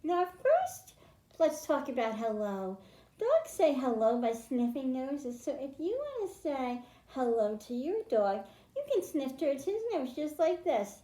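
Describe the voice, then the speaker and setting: Animated storytime librarian woman, echoey room. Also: high-pitched. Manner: animated, sing-song, speaking slowly and clearly to children. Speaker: children's librarian. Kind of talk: children's storytime reading.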